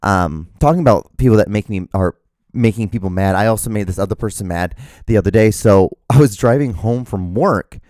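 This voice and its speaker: A young man hosts his own show alone, telling a long story in a loose, rambling way. He keeps restarting his sentences, and he swears without thinking about it. His voice sits fairly low, and the recording is dry and close. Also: a little fast, a little mellow, no echo. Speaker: podcast host. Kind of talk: casual solo rambling.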